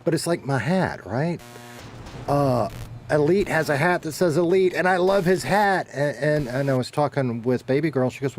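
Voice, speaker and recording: A laid-back man with a Southern American accent rambles casually to his stream chat, swearing now and then, and says he is dehydrated. His voice is medium-pitched and expressive at normal speed, with a little hiss or hum in the recording.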